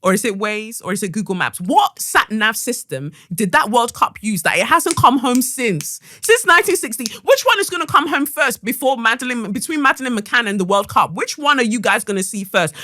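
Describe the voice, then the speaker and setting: A woman hosting a podcast and telling a story in a casual, animated, sarcastic way. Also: a little high, moderate pace, dry recording. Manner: animated and sarcastic, with acted-out quotes. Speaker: podcast host.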